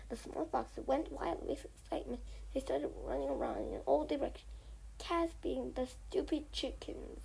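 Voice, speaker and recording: A woman reading a children's novel aloud in a soft voice that often drops to a near whisper. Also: high voice, normal speed, gravelly, poor audio. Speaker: storybook reader.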